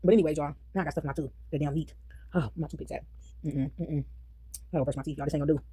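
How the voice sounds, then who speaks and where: A woman vlogs casually on her phone while eating, chatting with viewers she calls "y'all" and breaking into snippets of song. Her low voice is mellow with a breathy edge, steady in tone and rapid-fire.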